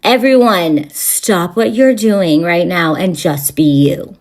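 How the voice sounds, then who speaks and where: She speaks slowly in a lowish, slightly mellow voice. Hosting a spiritual channel, she rants to camera off the cuff, rambling and cursing, constantly using fillers and starting sentences over.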